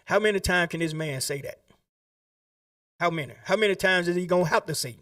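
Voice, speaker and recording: A man's voice: sits high, a little fast, pauses often, fairly bright tone, recorded from a distance. A man making an impassioned public statement, asking pleading rhetorical questions.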